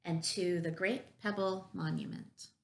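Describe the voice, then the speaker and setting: A woman reading a picture book aloud at a children's story time as a preschool teacher, gentle and encouraging. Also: on the low side, steady tone, a little slow.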